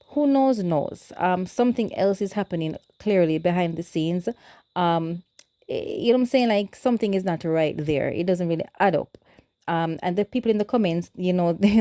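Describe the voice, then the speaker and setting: A woman's voice: on the low side, warm tone, no echo. A Jamaican woman hosting casual gossip commentary, chatty and skeptical with many ums. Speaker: commentator host.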